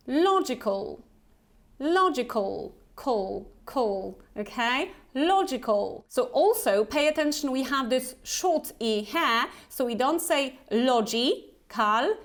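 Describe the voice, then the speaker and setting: A woman in her thirties with a light Polish accent leads an English pronunciation drill. Her voice sits somewhat high, and she speaks slowly and deliberately. She models each word twice so the learner can repeat it. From Poland. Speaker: Business English pronunciation trainer.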